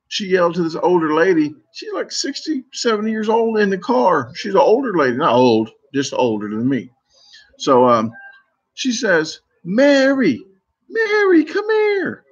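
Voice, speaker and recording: A man's voice: a little high, husky, dull audio. A man chatting casually on a live stream, answering viewers and telling rambling stories that keep doubling back. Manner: rambling, self-interrupting storytelling. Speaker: competitive eater streamer. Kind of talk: casual live chat reading comments.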